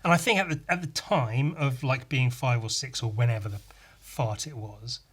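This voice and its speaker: An English podcast host from England rants casually on his own, throwing in sardonic, sweary, mock-outraged asides. His voice is medium-pitched and slightly rough, and he talks at a normal speed.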